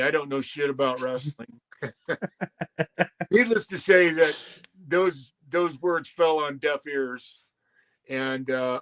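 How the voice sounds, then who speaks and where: A man's voice: fairly high pitch, sharp tone. A man in his sixties, a former wrestler, telling rambling, salty stories as a guest and acting out other people's quotes. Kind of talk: casual storytelling.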